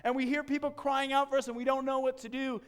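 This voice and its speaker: A male pastor giving a sermon in church, telling a personal story in an animated way and acting out the scenes. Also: very high voice, fast talker, smooth.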